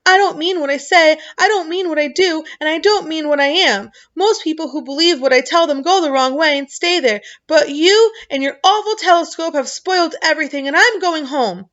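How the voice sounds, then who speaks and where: A woman's voice: normal speed, few pauses, a bit bright. A woman voicing a small male demon of insecurity who whimpers and sobs, in a dull lo-fi recording. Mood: sobbing. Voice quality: high, sobbing, whiny.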